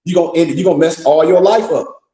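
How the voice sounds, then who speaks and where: A man holds forth in a blunt, profane, scolding lecture, his voice pitched a little high and mellow in tone. The sound carries a noticeable roomy echo. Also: steady tone, fast. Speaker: host of a live discussion. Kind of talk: impassioned lecture-style talk.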